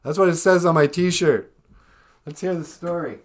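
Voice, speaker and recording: A man's voice: on the high side, moderate pace. A man hosting a casual livestream, rambling and self-deprecating as he chats to viewers. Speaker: livestream host.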